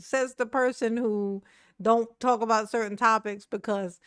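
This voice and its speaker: Loud brash laughing woman, dry sound. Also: on the high side, steady tone, measured pace, clean tone, dry recording. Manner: brash, laughing, trash-talking. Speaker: commentary streamer. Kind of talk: casual live-stream commentary.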